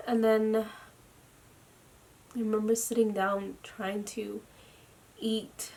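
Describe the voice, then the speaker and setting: A tired young woman speaking a personal video diary at home into her camera. She talks haltingly, with lots of "like," and often drops into a near whisper. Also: mid-range voice, flat delivery, vocal fry. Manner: slow, halting, with frequent "like" fillers and soft, near-whispered stretches. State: tired and drained. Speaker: vlogger. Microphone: camera mic.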